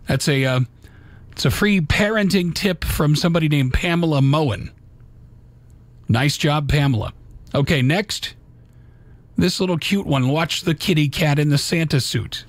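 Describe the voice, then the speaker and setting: A man's voice: a little high, dry recording. A man hosting a live radio talk show, reading holiday memes aloud in a folksy, casual way with little asides.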